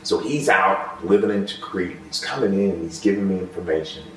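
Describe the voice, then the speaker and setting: A man, a former military interrogator, telling stories in a measured conversational way and slowing down when he reflects. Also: low-pitched. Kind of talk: conversational storytelling. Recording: echoey room, voice far from mic.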